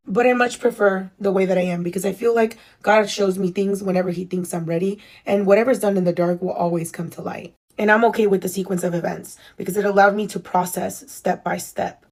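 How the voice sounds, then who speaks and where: A woman in her thirties telling a personal story for a casual storytime vlog, animated and profane, acting out the people she quotes. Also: medium pitch. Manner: animated, profane, dramatic retelling with acted-out quotes. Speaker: storyteller recounting her own life.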